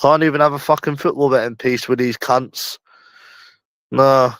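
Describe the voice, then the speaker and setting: A man with a London accent hosts a casual livestream chat, rambling and repeating himself, sometimes dragging his words out slowly, with slang and swearing. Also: medium pitch, fairly even intonation, a bit bright, clear, resonant tone, no echo. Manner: rambling and repetitive, often slow and drawn out, with slang and swearing. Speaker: livestream host.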